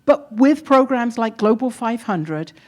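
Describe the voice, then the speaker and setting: A woman with an English accent gives the keynote at a demo day, speaking live, upbeat and encouraging, and chatting with the crowd. Her voice is on the high side and a little mellow, with lively intonation and a slightly slow pace.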